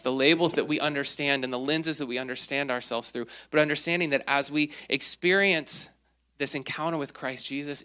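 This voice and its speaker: A man in his thirties preaching a sermon, telling stories with lively acted quotes and frequent fillers. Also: medium pitch. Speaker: pastor.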